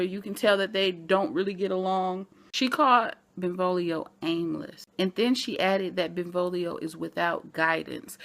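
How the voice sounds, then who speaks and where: A woman talks through a TV episode in a relaxed vlog recap. Her voice sits at an ordinary middle pitch. She is animated and chatty and speaks directly to her viewers as fellow fans. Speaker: TV show reviewer.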